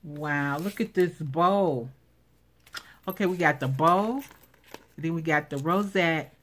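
A woman's voice: sits low, slow pace, fairly bright tone. A woman vlogger unboxing craft supplies in casual commentary, gushing and exclaiming over each item. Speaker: craft vlogger showing giveaway prize.

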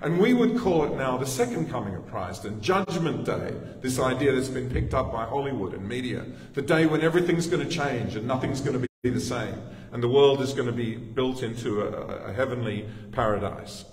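A man's voice: mid-range voice, lively intonation, a little fast, hardly any pauses. A man with an Australian accent preaching a sermon in a conversational way, with asides to the congregation. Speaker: pastor. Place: church sanctuary. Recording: echoey church hall, distant mic.

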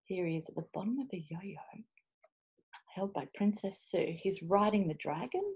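A woman reading a children's picture book aloud over a video call, expressive and playful, slipping into whispers and little asides. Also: lowish voice, normal speed, breathy edge. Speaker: children's storybook reader.

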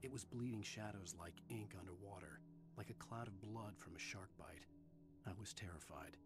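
An actor playing a brooding male writer who narrates his ordeal in a grave, measured inner monologue for a game. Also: on the low side, music in the background, natural voice. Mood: tense.

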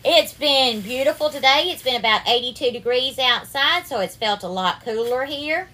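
A woman's voice: high voice, expressive, normal speed, bright, forceful tone. A woman with a Southern US accent hosting a casual cooking livestream, greeting viewers by name and calling them darling and sweetheart. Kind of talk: casual live-stream cooking chat.

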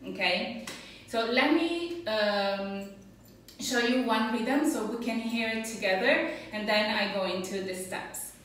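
A woman's voice: on the high side, expressive, slow pace, a bit bright, slight background noise. A woman teaching a belly dance class, counting rhythms and explaining steps patiently. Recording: echoey room, voice from far off.

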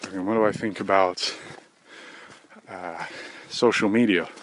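A man hosting a solo podcast, rambling through offhand comic musings with frequent swearing and a deadpan delivery. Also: low voice, measured pace, slight background noise. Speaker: podcast host.

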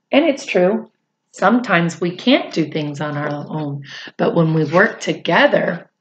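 A woman hosting storytime, reading a picture book aloud and turning to the kids to explain. Her pitch swings widely, while her pace stays unhurried. She keeps a gentle, teacherly manner. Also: reverberant, highs cut off. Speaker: children's book reader. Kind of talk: read-aloud storytime for children.

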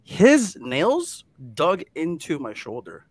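Animated man telling a spooky story. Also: on the high side, takes it slowly, no echo. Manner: animated, drops to hushed tones at scary parts. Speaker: guest storyteller. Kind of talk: casual chat, telling a ghost story.

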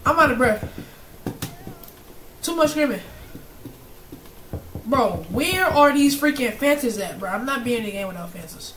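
A young gamer commentating a horror game, bursting into loud panicked screams between jokey banter. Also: medium pitch, expressive, normal speed, long pauses, a little hiss or hum, low-quality recording.

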